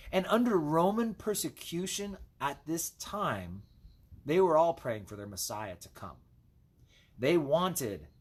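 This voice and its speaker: A man's voice: on the high side, husky. A man as a pastor, giving a casual Bible devotional with chatty asides while he reads scripture.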